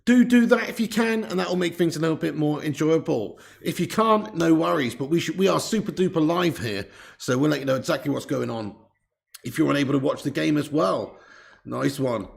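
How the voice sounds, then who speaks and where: A man hosting a live football watch-along stream, chatty and excitable, greeting viewers and swearing casually. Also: fairly high pitch, a little fast, gravelly.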